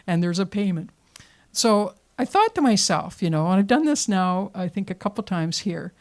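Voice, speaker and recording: A woman telling a story live to an audience, with dramatic pacing and hushed moments for suspense. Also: mid-range voice, a little slow, pauses often. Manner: lively, dramatic pacing, drops to whispers for suspense. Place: performance venue showroom.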